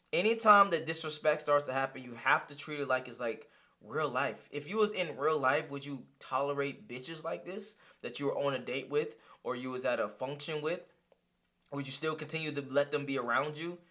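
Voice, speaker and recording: A young man reacting to a clip in blunt, profane, heated casual commentary. His voice is bright and forceful and sits a little high. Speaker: reaction streamer.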